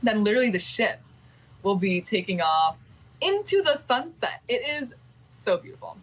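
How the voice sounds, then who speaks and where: A woman's voice: fairly high pitch, very animated, moderate pace, low-quality recording. A woman chatting casually on a livestream, talking in a gushing, sentimental way.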